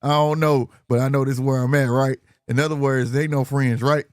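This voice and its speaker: A man co-hosting a boxing talk stream, retelling a press event in lively, profane casual chat. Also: medium pitch, brisk, clean tone, no echo, studio quality. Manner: animated, profane storytelling with laughs. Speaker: boxing podcast co-host. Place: home studio, live stream.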